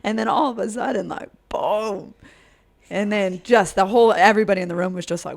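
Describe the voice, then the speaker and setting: Woman, podcast co-host, excitable storyteller, medium pitch, laughs often, swears. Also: fairly quick, creaky. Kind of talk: casual podcast chat.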